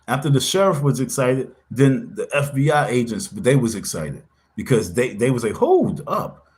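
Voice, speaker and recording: A man's voice: mid-range voice, normal speed, a little mellow. A man hosting a casual livestream, talking in an insistent, confrontational way and repeating himself for emphasis. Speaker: livestream host.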